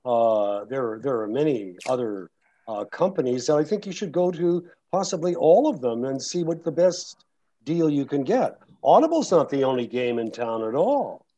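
A man's voice: mid-range voice, lively intonation, moderate pace, warm tone, muffled recording. A man who narrates audiobooks, talking casually to an audience in a rambling way with many restarts and fillers. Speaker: audiobook narrator and guest speaker.

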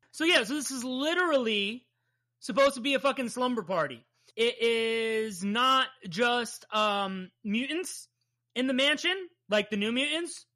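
Recapping a comic on her podcast, a thirtysomething woman chats casually and eagerly, swearing plenty. She has a bright, pushed voice with a fairly high pitch.

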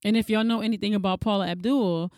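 A woman co-hosting a casual chat, telling stories with lively energy and acting out what others said. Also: fast, dry recording, studio quality. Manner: animated storyteller, acts out quotes in a high voice.

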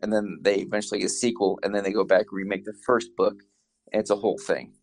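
A man chatting casually, telling animated stories with quoted asides. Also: on the low side, quick pace. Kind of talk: casual chat.

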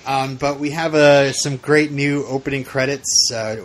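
A woman co-hosting a casual podcast chat, jokey and laughing, with halting fillers. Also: extremely low pitch, fairly even intonation. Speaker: podcast co-host.

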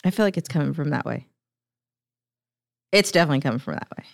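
Midwest woman, guest on a podcast, lowish voice, chatty, dry close sound. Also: expressive, fast talker, gravelly, dry recording. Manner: chatty, easily spooked. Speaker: guest, host's wife. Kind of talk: casual chat.

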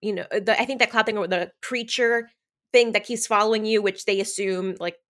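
A woman's voice: mid-range voice, fairly even intonation, brisk, fairly bright tone. A woman co-hosting a podcast, casually retelling a romance novel's plot in a loose, filler-heavy way, full of quoted back-and-forth. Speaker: podcast co-host.

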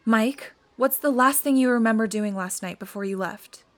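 A woman acting a friend in an audio drama, emotional and accusing. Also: fairly high pitch. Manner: emotional, accusing, then flat and slow. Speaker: character Erin.

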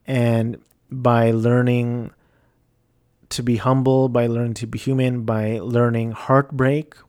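A man talks through a movie review in a casual, rambling way, often unsure of himself. His voice is mellow and unhurried. The sound is dry and close. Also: medium pitch, flat delivery, no echo. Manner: rambling, hesitant, self-deprecating.

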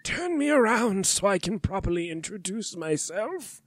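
A man putting on the voice of a sinister, shriveled male dark lord wizard in a comic podcast impression. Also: high-pitched, sing-song, moderate pace, voice pushed up. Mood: theatrical menace.

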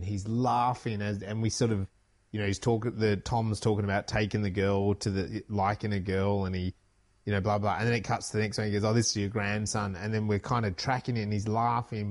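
A middle-aged man talks through a film scene in loose, rambling podcast chat. His voice sits low, and the recording is close and dry, with no room sound. He piles up quick asides as he goes. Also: darkish tone, dry recording. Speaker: podcast co-host. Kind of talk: casual film discussion chat.

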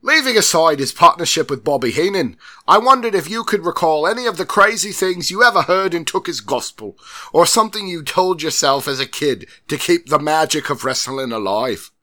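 Man doing a wobbly British accent for a letter-writing wrestling fan, hammy and lively. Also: on the high side, normal speed, pitched above the performer's own voice. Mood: theatrical. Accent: put-on British, drifting toward Irish. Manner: loud, bouncy, theatrical read-aloud. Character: cheery British male wrestling fan reading his letter.

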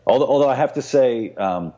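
A man co-hosting a casual movie recap, animated, mocking scenes in high put-on voices. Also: a little fast. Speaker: podcast co-host. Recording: dull sound with long reverb.

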